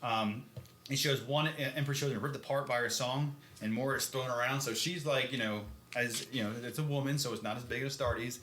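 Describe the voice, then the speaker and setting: A man's voice: medium pitch, a little fast, fairly bright tone, echoey room, slight background noise. A man co-hosting a podcast, recapping a book in a rambling, filler-heavy way and often laughing. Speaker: podcast co-host. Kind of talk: casual chat recapping a book.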